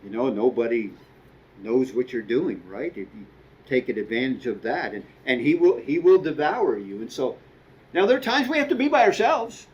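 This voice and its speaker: A man's voice: medium pitch, very animated, normal speed, muffled recording. A middle-aged man preaching a sermon as a guest speaker, conversational, with asides and quoted dialogue.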